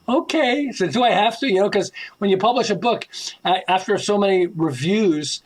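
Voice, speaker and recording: A man, an author being interviewed, telling anecdotes in an animated way, acting out quoted dialogue and chuckling often. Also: high-pitched, normal speed, poor audio. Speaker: author and podcast guest.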